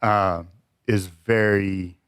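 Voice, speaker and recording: A man's voice: low voice, steady tone, drawn-out words, a bit bright, smooth, no room sound, clean studio sound. A man co-hosting a podcast, speaking thoughtfully in a casual chat with frequent ums and uhs. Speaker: podcast co-host.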